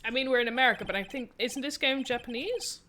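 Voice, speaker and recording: A woman's voice: high-pitched, quick pace, bright, forceful tone. A woman streaming a game, reading the dialogue aloud in her own voice and chatting about the story. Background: faint game music.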